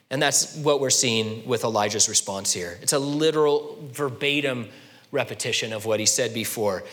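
A man preaching a sermon as pastor, expressive and dramatic, acting out quoted voices and dropping from loud to soft. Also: mid-range voice, big-room sound.

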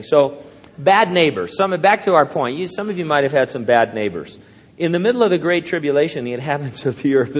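An older man, a pastor, preaching a sermon in a rambling, anecdotal way with self-deprecating humor. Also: on the high side. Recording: long hall reverb.

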